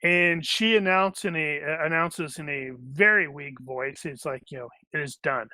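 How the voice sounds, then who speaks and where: A man's voice: fairly high pitch, moderate pace, pushed and bright, dry recording. A man narrating a tabletop game as game master, rambling with many fillers and restarts.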